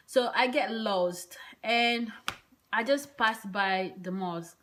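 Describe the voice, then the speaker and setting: Woman vlogger, chatty and hesitant, mid-pitched voice, rambling story with soft asides. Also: takes it slowly, noisy background. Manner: hesitant, rambling, many "like" fillers; drops to soft whispered asides. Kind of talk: casual personal storytelling.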